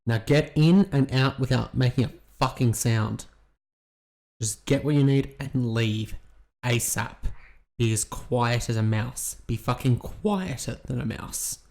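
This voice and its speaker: A man's voice: medium pitch, steady tone, a little slow, creaky, darkish tone. A man giving casual, rambling reaction commentary on a TV episode, swearing a lot and talking bluntly. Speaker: YouTube reaction host.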